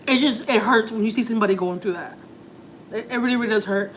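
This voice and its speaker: A woman's voice: a little high, fast, slight background noise, rough recording. Rambling, confiding woman vlogger. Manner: rambling, heavy use of filler words like "like" and "you know"; emotional, confiding. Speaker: family vlogger. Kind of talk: casual storytelling to camera.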